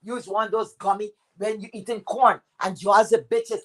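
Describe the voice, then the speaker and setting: A woman's voice: medium pitch, fairly even intonation, moderate pace, no echo, low-quality recording. A woman with a Caribbean accent ranting to her viewers in a scornful, profane way, repeating words for emphasis. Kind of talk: angry rant to viewers.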